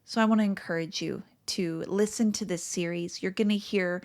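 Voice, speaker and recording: A middle-aged woman coach in a reflective monologue, tearful and crying, emotional and halting, with sighs and soft breathy asides. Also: fairly low pitch, fairly even intonation. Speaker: podcast host and coach.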